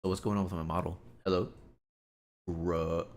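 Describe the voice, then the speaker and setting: A man's voice: sits low, steady tone, racing, a little mellow. A man chatting casually on a live stream, rambling and exasperated, with lots of "like" fillers as he tells stories and reacts.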